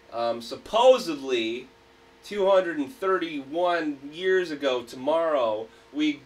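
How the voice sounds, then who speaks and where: A man's voice: mid-range voice, distant mic, a little hiss or hum. A man hosting a casual livestream, ranting in a hyped, profane way. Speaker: livestream host.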